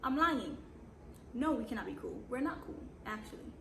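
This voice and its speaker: A woman's voice: fairly high pitch, animated, moderate pace, gravelly, bright, forceful tone. A young woman with a Jamaican accent telling a storytime vlog, blunt and sassy with slangy asides and dramatic repeats. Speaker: vlogger. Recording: echoey room with background noise.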